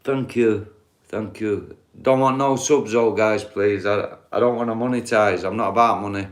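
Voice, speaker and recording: A man's voice: lowish voice, fairly even intonation, moderate pace. A middle-aged man, talking bluntly and swearing as he rambles through a casual live stream chat. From England. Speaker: livestreamer.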